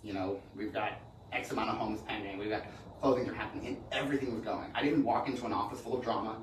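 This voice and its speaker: A middle-aged real estate man talks fast in a casual podcast conversation, rambling through stories and frequently restarting sentences. His voice is lowish with fairly even intonation. The mic sits at a distance in an echoey room, with slight background noise.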